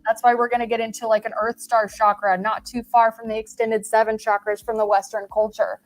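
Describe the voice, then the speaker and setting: A woman, a podcast guest, talking in an emphatic, energetic, motivational way. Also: fairly high pitch, a little fast, rough recording. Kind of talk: casual chat.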